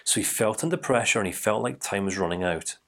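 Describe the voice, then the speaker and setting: A man who works as a life coach, telling a parable in an animated, dramatic way with frequent restarts. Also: fairly low pitch, fast, vocal fry. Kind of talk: storytelling to camera.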